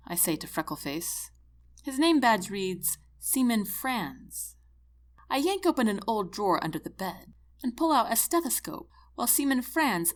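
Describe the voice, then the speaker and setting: A woman narrates a first-person novel in an expressive, animated voice of middle pitch. Her delivery moves freely up and down, and she sinks into a hushed whisper for inner thoughts. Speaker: audiobook narrator.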